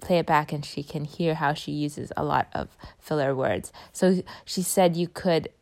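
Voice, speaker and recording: A young woman talks in a relaxed, chatty way, leaning on fillers and letting her sentences fade. Her voice sits a little on the low side. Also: moderate pace, gravelly. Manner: chatty, many fillers, trails off softly. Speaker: vlogger recapping a speaking workshop. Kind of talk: casual chat.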